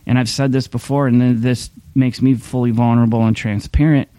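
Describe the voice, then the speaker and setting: A man's voice: mid-range voice, level tone, a little fast, warm tone, no room sound. A man preaching a sermon in a candid, conversational way, often restarting his sentences. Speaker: pastor. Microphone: streaming camera mic.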